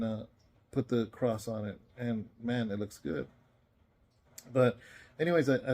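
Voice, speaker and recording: A man's voice: mid-range voice, darkish tone. A tired man speaking as a pastor, giving an earnest, rambling, conversational devotional message he recorded himself. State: tired, yawning. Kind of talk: casual spoken devotional message. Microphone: self-recorded.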